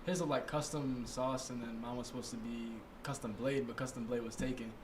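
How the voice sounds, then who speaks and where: A man's voice: medium pitch, steady tone, fairly quick, noisy background. A young man, a guest rapper on a podcast, telling stories in laid-back slang with lots of swearing. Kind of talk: casual chat.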